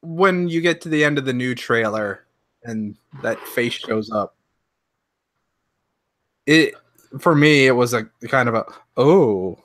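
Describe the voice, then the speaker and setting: A man co-hosting a podcast in casual chat, animated, acting out reactions and often restarting his sentences. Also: medium pitch, measured pace, long pauses, dry recording. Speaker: podcast co-host.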